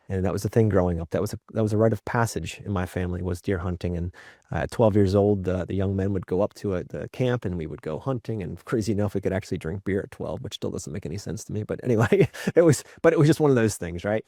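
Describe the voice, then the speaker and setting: A man with a fairly low voice tells candid family stories as a podcast guest. He is reflective and often checks in with "right?" He brings quoted moments to life with a jump in energy, and the sound is dry and close. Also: quick pace, gravelly, no echo. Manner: lively acted-out quotes in his stories. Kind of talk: candid storytelling in conversation.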